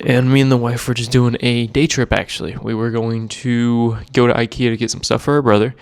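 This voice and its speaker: A man's voice: mid-range voice, flat delivery, a little fast, hardly any pauses, clear, resonant tone. A man in his twenties telling a rambling, laid-back story to camera in a casual vlog, with a self-deprecating manner. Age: 20s. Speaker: cigar vlogger.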